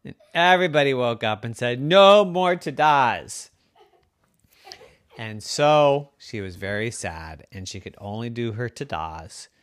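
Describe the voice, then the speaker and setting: A parent spins an improvised bedtime story, voice bouncing up and down with playful energy and sometimes sinking to a near hush. The sound is dry and close to the mic. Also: medium pitch, no echo. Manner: lively, playful, drops to a hush.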